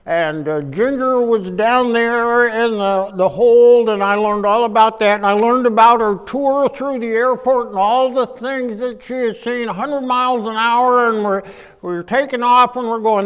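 A man preaching a humorous storytelling sermon, animated, acting out voices and swinging from quiet to loud. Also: very high-pitched, normal speed, smooth. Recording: echoey hall.

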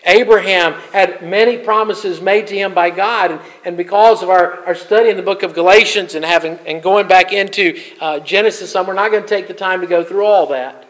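A pastor with a high voice delivers a sermon. He builds to loud, emphatic peaks, then drops to soft, quiet asides. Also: a little fast, few pauses, rough recording.

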